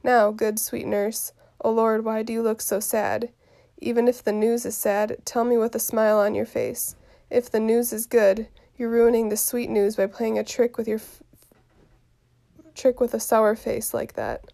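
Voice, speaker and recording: A woman reading the part of an impatient lovesick teenage girl aloud from a play, quiet and soft with some words whispered. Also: on the high side, flat delivery, a little slow, gravelly. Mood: eager.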